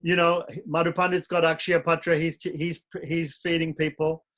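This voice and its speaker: A man gives advice in a relaxed talk, pausing and restarting as he thinks things through. His voice sits a little above the usual male range. He sounds reflective and unhurried. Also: on the high side. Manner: reflective, halting, many restarts.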